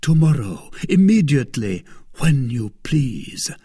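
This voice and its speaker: Man reading impetuous young swordsman, passionate, husky, lively. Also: mid-range voice, takes it slowly, exaggerated voice. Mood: eager.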